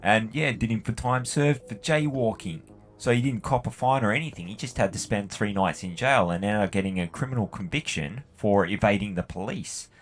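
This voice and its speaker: A man's voice: lowish voice, moderate pace, faint music behind. An Australian man telling stories in a casual, rambling, sweary way while he plays a game. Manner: rambling, sweary, full of "like" and "you know". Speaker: gaming channel host.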